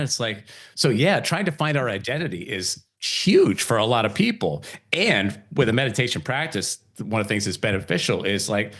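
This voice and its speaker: Middle-aged male podcast host, easygoing, quick to laugh, slips into quoted voices. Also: lowish voice. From Italian heritage. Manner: relaxed, laughs often, acts out quoted voices. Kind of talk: casual spiritual conversation.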